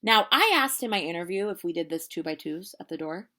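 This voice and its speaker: Woman, late 20s, vlogger, lively casual storyteller. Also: on the low side, fairly quick. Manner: animated, chatty storytelling with quoted voices.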